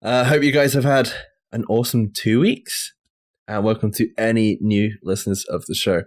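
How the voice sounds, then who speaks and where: A man hosting a gaming podcast in a relaxed, joking way, swearing casually. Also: on the low side, moderate pace. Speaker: podcast host.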